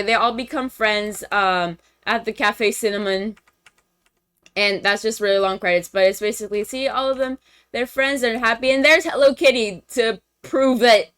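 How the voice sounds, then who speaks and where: A woman's voice: a little high, a bit bright. A young woman streamer casually recapping a movie plot for friends, chatty and full of fillers and slang.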